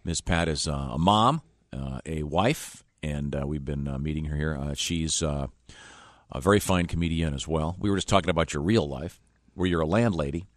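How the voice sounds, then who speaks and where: A male radio host with a very low voice, easygoing and filler-heavy as he reads out listener letters. The studio sound is dry and close. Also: moderate pace, no room sound. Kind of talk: radio talk show hosting.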